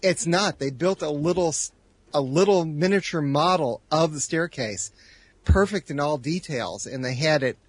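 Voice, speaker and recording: A man on a casual podcast with a somewhat raised pitch and a husky, breathy edge. He talks in a chatty, explanatory way. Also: moderate pace. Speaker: podcast co-host. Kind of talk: casual chat.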